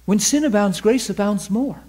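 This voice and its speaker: A man's voice: sits high, normal speed, darkish tone. A man preaching a sermon to a class, emphatic and fervent, often asking the audience questions and laughing with them.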